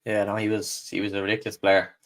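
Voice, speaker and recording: A young man hosting a podcast, asking questions in a relaxed, conversational way. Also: fairly low pitch, fast. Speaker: podcast host. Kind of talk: casual interview questions.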